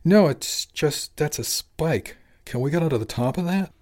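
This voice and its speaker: A man's voice: fairly high pitch, lively intonation, moderate pace, darkish tone, voice pushed up, natural voice. A man voicing a wry young woman deckhand.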